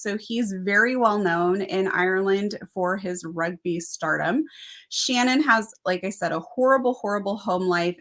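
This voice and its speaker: A woman's voice: medium pitch, fairly bright tone. A woman co-hosting a casual book review chat, gushing and earnest.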